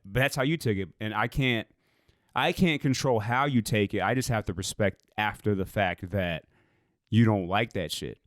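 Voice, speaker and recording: Guy on a podcast mic telling a long story, kinda low voice, smooth, cusses a lot, dry close sound. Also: moderate pace, no room sound. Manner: loose, rambling, swears freely. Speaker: podcast co-host. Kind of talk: casual storytelling chat.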